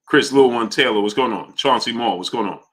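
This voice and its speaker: Reading viewer chats aloud, a man hosting a casual livestream rants heatedly at a fairly quick pace, sinking into low mutters before rising to loud outbursts.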